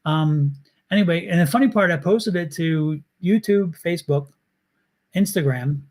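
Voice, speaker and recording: A man with a notably high voice tells a story in a loose, chatty way. He acts out his own reactions and laughs easily as he talks. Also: normal speed, a little mellow. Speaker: tarot reader and host. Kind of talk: casual storytelling chat.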